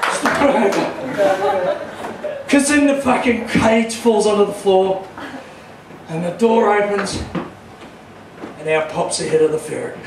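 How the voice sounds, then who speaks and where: High-voiced Australian comic in an echoey room. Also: male voice, measured pace, pauses often, distant mic, a crowd in the background, background noise. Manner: crude, rowdy storytelling, shouting punchlines. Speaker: stand-up comedian. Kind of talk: stand-up comedy. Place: small comedy club stage.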